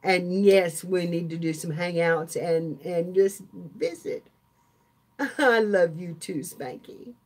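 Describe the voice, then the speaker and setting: A woman's voice: fairly low pitch, slow pace. An older woman, hosting a casual live stream chat, chatty and laughing often as she talks to her viewers. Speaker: craft channel host.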